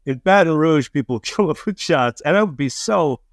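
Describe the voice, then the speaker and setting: A middle-aged man, a comedian, casually telling drinking stories, swearing and self-mocking, acting out quotes with sudden high voices. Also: animated, moderate pace, no echo, clean studio sound. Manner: swearing, self-mocking, acts out quotes with big pitch jumps. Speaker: podcast co-host, comedian. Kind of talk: casual storytelling chat.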